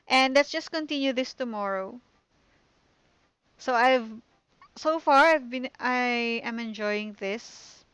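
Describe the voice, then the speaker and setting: A woman's voice: high-pitched, a bit bright, clear, resonant tone, no echo, highs cut off. A woman from the Philippines, streaming a game and chatting casually in a cheerful, thankful way. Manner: cheerful, thankful, repeating herself.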